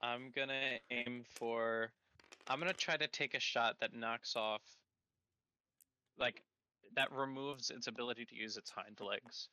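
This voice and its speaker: Very bright-voiced, easygoing player. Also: male voice, mid-range voice, fairly even intonation, measured pace, clear, resonant tone, dry recording. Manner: easygoing, laughs between rolls. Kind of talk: tabletop game play.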